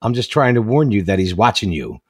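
A man voicing a parrot in a dark house, giving a calm warning in a told joke. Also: lowish voice, fairly quick, breathy edge, no echo, clean studio sound.

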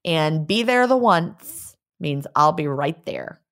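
Woman, podcast co-host, casual chat, lower voice, lively pitch. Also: slow. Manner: chatty, laughing, tries out regional phrases. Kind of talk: casual chat, reading listener mail. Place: lives in a beach resort town.

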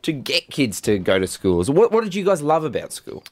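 A man with an Australian accent hosting a casual radio show, quick and chatty as he leads the conversation. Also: mid-range voice, very animated, dry recording. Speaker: radio host. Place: radio studio.

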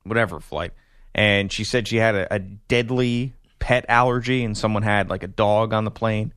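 A man hosting a sports radio show, telling news stories in a relaxed, conversational way. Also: on the low side, normal speed, clear, resonant tone, no room sound, studio quality. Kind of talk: casual sports radio chat.

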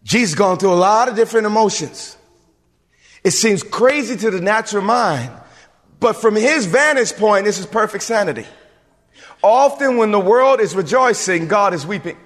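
Animated man preaching in a reverberant hall. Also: high voice, moderate pace. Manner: animated preaching, repetitive fillers. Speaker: pastor. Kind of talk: sermon.

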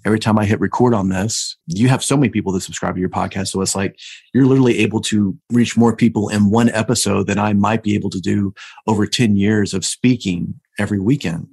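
A man's voice: fairly low pitch, steady tone, quick pace, gravelly, darkish tone, breathy edge. A man hosting a podcast, enthusiastic and telling stories as he talks with his guest. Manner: enthusiastic, storytelling. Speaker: podcast host. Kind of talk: casual interview talk.

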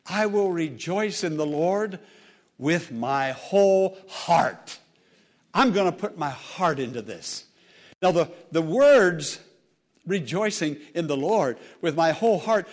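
A male pastor preaching an emphatic sermon to a congregation, repeating phrases for emphasis. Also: sits high. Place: church service with congregation.

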